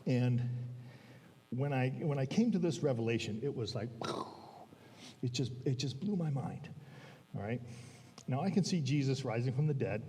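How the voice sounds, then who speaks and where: A man's voice: mid-range voice, mellow, far from the mic, slight background noise. A man preaching a sermon in a church, conversational, often checking in with "all right?". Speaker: guest preacher. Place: church sanctuary. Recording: long church hall reverb.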